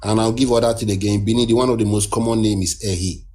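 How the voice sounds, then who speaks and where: A man's voice: lowish voice, steady tone, quick pace, darkish tone. A man from Nigeria, earnestly explaining as a guest in a casual discussion, often restarting his sentences. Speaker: guest caller.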